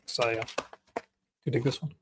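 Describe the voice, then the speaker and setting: A man's voice: mid-range voice, steady tone, moderate pace, background noise. A young Canadian man with a Canadian accent, hosting a casual livestream and chatting about his collection with lots of fillers and restarts. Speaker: livestream host.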